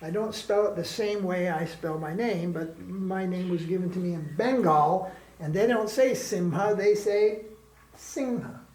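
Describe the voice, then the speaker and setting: A man with a high, slightly mellow voice speaks at normal speed while teaching a casual spiritual class in an ashram, cracking jokes, laughing frequently, and mimicking how people chant. The recording is echoey with faint ambient sound.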